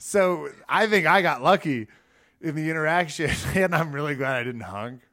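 A man's voice: fairly high pitch, normal speed. A man co-hosting a casual podcast chat, telling stories animatedly with frequent laughs and acted-out quotes. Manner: animated storyteller, laughs often, acts out quotes. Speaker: podcast co-host.

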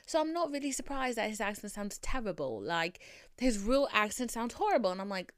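Podcast host, woman, light Boston accent; animated, rambling and profane, with a smooth, clean voice. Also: mid-range voice, brisk, dry recording, clean studio sound. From Boston area, US. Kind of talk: casual chat.

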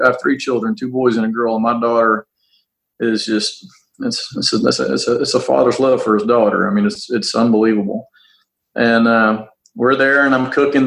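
A middle-aged man, a police officer, telling a personal story in a halting, earnest way, often repeating words and starting over. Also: medium pitch, gravelly, a bit bright, rough recording.

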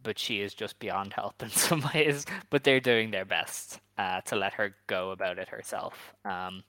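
A man's voice: lowish voice, fairly even intonation, measured pace, pushed and bright, no echo, poor audio. A man co-hosting a podcast in rambling casual chat, hesitant and full of filler words. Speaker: podcast co-host.

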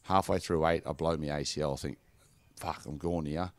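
Aussie bloke in his 30s, really deep voice, rambling laid-back yarns, dry close sound. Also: steady tone, brisk, no room sound. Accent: Australian. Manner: laid-back storytelling, lots of "like" and "mate". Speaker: former professional footballer guest. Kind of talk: casual podcast chat.

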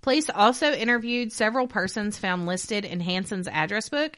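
A woman's voice: medium pitch, lively intonation, moderate pace, hardly any pauses, fairly bright tone. A woman co-hosting a true crime podcast, reading out case notes in a newscaster tone between swearing and laughing banter.

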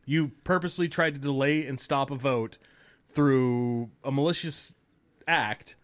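A man co-hosting a podcast, telling stories in a profane, animated, casual way. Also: mid-range voice, a little slow. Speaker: podcast co-host. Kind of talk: casual chat.

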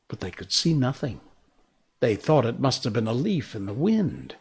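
A man reading a storybook aloud in a slow, expressive way. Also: medium pitch, slightly rough.

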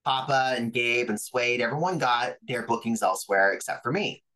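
Animated, profane man telling stories. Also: medium pitch, normal speed, rough recording. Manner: animated, profane, acts out quoted voices. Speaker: podcast guest, pro wrestler. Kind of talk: casual interview storytelling.

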